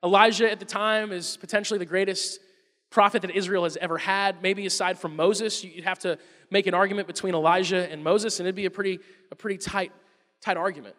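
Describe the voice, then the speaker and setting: A man preaching a sermon, telling the story in an animated way and acting out the quotes. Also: high voice, fairly quick, in a large hall.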